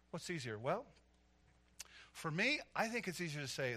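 Animated middle-aged male preacher, bright voice. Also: on the high side, normal speed. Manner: animated storytelling, swelling to loud emphatic preaching. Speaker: pastor. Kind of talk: sermon.

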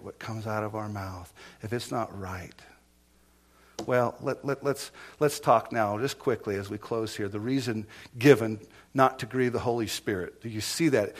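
A middle-aged male pastor delivering a sermon at a mid-range pitch. He tells his stories with repeated words and quick restarts. His delivery swings from soft, near-whispered asides to loud, fervent preaching. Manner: storytelling with repetitions and restarts.

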